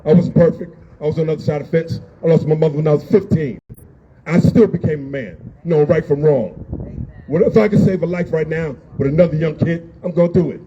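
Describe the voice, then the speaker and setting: A man's voice: fairly high pitch, brisk, slightly rough. A man giving an emotional, blunt speech at an outdoor street rally, repeating his points and raising his voice. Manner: emotional, yelling, blunt and repetitive. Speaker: rally speaker. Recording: dull lo-fi sound with faint noise.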